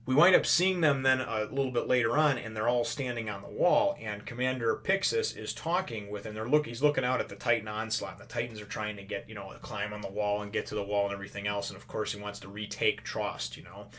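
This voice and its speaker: A man's voice: on the low side, a little fast, few pauses, a bit bright. A man hosting his own channel, talking through an anime episode in a loose, rambling way, often tossing in "you know" and "right?" and calling his viewers brothers and sisters. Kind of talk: casual spoken review.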